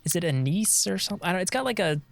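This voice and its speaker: High-pitched and gravelly, the podcast co-host speaks very fast. He rambles through casual chat in an animated way, packing in lots of "likes" and starting sentences over.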